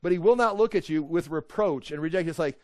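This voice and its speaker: A man in his sixties preaching, his voice sitting high and turning animated as he acts out little voices to make a point. The sound is dry and close, with no room around it. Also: fast, dry recording. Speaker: Bible teacher. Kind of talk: sermon.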